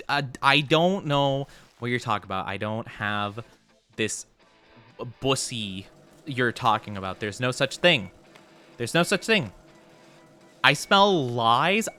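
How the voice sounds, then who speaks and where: A VTuber streamer with a sharp, mid-range voice plays a video game live, giving commentary and reading chat. When viewers tease him, he denies it playfully and gets flustered.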